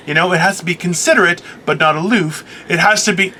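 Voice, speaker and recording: A man co-hosting a podcast, a comic telling stories in a profane, animated rant. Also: sits high, fast, noisy background. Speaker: podcast co-host, stand-up comic. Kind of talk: casual chat.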